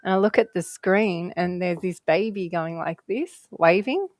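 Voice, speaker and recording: A woman's voice: fairly low pitch, a little slow, no room sound. A woman guest telling stories in casual conversation, chatty and rambling, laughing often.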